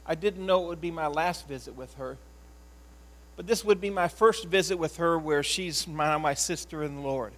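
A man, a pastor, telling a personal story in an earnest, emotional sermon style, often halting and repeating words. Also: fairly high pitch, low-quality recording.

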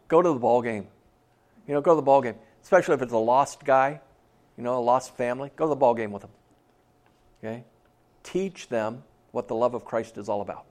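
A man preaching a sermon as a pastor. He talks in a conversational way and acts out the people he quotes in a lower, quieter voice.

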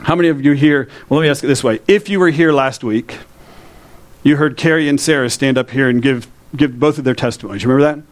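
A man's voice: mid-range voice, fast. A man preaching a sermon to his congregation in a church, in a conversational way, often asking the listeners questions. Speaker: pastor.

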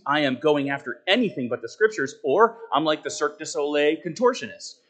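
A man delivers a sermon straight to his congregation, earnest and emphatic, slipping in conversational asides. His voice is slightly high with a breathy edge, and it rises and falls through sudden, dramatic swings between loud and quiet.

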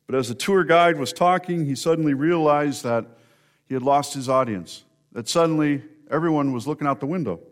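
A man's voice: fairly high pitch, fairly quick. A man preaching a sermon, telling stories in a conversational way and speaking directly to members of the congregation. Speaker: pastor.

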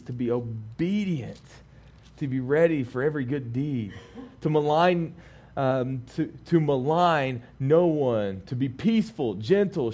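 A man in his thirties preaching a sermon, alternating lively, laughing storytelling with calm scripture reading. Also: fairly high pitch. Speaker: pastor.

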